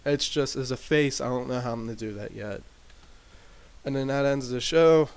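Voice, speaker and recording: A man at a middle pitch talks through his wrestling sim save in a loose, rambling way, full of fillers and self-corrections. His voice comes across smooth and clear through a desk mic with the gain turned up. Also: normal speed. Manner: rambling, filler-heavy recap. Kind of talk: casual commentary over gameplay. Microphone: desk mic with boosted gain.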